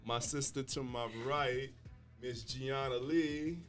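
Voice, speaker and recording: A man's voice: medium pitch, fairly even intonation, takes it slowly, a bit bright, faint music behind. A man hosting a live-streamed podcast in a casual, joking way, teasing his guests. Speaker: podcast host.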